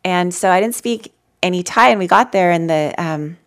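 A woman telling personal stories in a gentle, conversational way as she leads a live mindfulness talk for an audience. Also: on the low side, moderate pace. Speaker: mindfulness teacher. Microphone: handheld mic.

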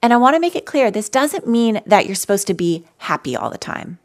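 A woman telling personal stories in a gentle, conversational way as she leads a live mindfulness talk for an audience. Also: medium pitch, very animated, a little fast. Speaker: mindfulness teacher. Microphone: handheld mic.

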